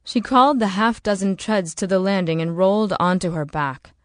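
A woman reading an audiobook in slow, measured, dramatic narration. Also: mid-range voice, no echo, clean studio sound. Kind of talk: scripted narration.

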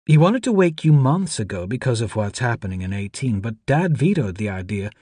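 A man reading aloud who voices a tearful young woman grieving a mentor, speaking softly with a lifted pitch. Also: big pitch swings, fairly quick, husky, dry recording, studio quality. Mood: earnest.

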